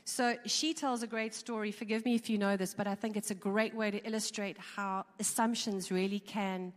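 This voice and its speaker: In a large hall with long reverberation, a woman gives a casual, talkative presentation to a live crowd. Her mid-range voice is steady and her speed normal, with frequent ums and repeated words.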